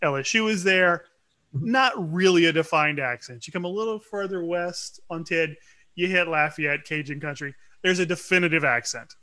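A middle-aged man from Louisiana chatting casually on a podcast, ranting with quick asides. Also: a little high, sharp tone. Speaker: podcast co-host. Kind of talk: casual chat.

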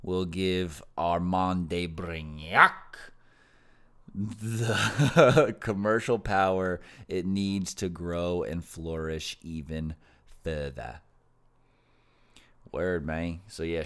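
A man hosts a casual podcast, reading headlines aloud before riffing on them in loose slang. His voice sits low and smooth, and he talks at an unhurried, slow pace. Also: fairly bright tone. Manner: reads news aloud then riffs with slang and swearing. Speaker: podcast host. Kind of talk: casual news chat.

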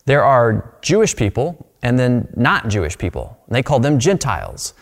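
A man's voice: medium pitch, very animated, normal speed. A man preaching a sermon as pastor, in a conversational way that restarts and repeats words often. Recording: long hall reverb.

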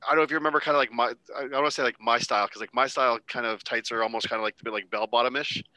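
A man's voice: medium pitch, fairly even intonation, racing, bright, forceful tone, no echo, rough recording. A man co-hosting a casual wrestling podcast, rambling and interrupting himself, laughing easily. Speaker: podcast co-host.

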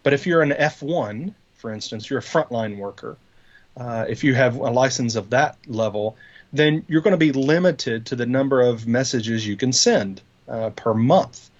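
A man's voice: mid-range voice, moderate pace. Man, podcast co-host, casual chat, rambling explanations, dull lo-fi recording. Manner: rambling, explains with many fillers and restarts.

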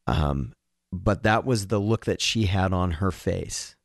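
A man's voice: low voice, takes it slowly, creaky, no echo, studio quality. A man co-hosting a casual book podcast, speaking earnestly and personally, with self-deprecating asides. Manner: earnest and emotional, reads a passage aloud, self-deprecating. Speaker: podcast co-host.

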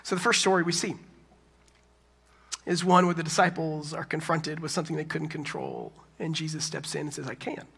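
A man in his thirties preaching a sermon as a pastor, animated, with quick asides and acted-out quotes. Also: fairly high pitch, creaky, slightly rough. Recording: reverberant hall.

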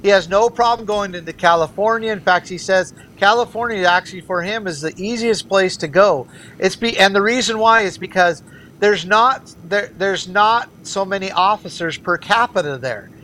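A man's voice: sits high, moderate pace, bright, forceful tone, a little hiss or hum. A man who is a candidate for governor, speaking as an interview guest and arguing his political views earnestly and emphatically. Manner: earnest, emphatic, argues in repeated phrases.

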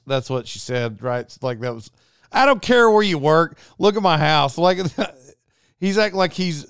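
Animated male host telling a story. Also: fairly high pitch, measured pace, vocal fry, clean tone, no room sound, studio quality. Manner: animated, acts out quoted dialogue. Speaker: podcast host. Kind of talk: casual storytelling monologue.

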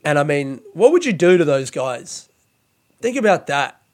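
Man, podcast host, casual monologue, swears a lot, laughs while talking, slightly high voice. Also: normal speed. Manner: profane, animated, laughs while telling.

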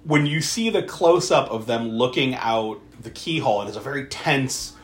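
Lively man recapping a movie, roomy sound. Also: medium pitch, moderate pace. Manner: animated storyteller, swears freely. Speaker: podcast co-host. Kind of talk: casual movie recap chat. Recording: roomy echo.

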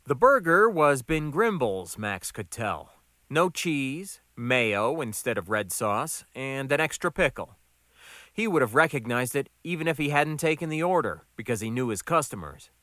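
Lively male audiobook narrator, dry close sound. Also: medium pitch, measured pace, no room sound.

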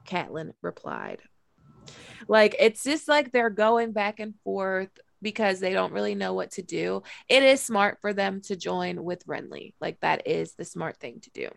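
A woman's voice: medium pitch, big pitch swings, unhurried, creaky, dry recording. A woman co-hosting a podcast who chats casually about a fantasy novel and reads passages aloud, with many fillers. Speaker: podcast co-host. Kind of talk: casual book discussion and reading aloud.

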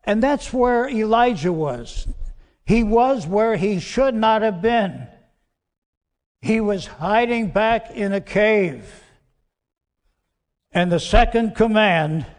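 A pastor with a high voice delivers his sermon at a slow, deliberate pace. He leans hard on some words and lets others fall to a hush. The church hall gives his voice a long, ringing reverb. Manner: slow, emphatic preaching that drops soft and quiet on key words. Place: church sanctuary.

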